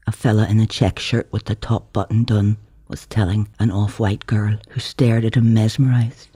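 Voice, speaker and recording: Husky-voiced man reading his novel. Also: mid-range voice, unhurried, dark tone, no echo, clean studio sound. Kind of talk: audiobook narration.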